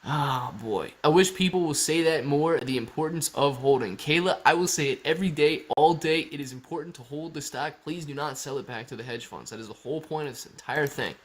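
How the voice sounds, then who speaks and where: A man's voice: fairly high pitch, fairly quick, few pauses. Chatty male livestream host. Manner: chatty, restarts sentences, calls viewers guys and bro. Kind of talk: casual livestream chat reading viewer comments.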